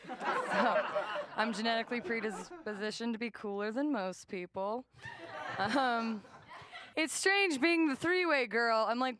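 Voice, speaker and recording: A young woman from the American South doing a stand-up set, deadpan and self-mocking, chuckling between jokes. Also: on the high side, a little slow. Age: young adult. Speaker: stand-up comedian.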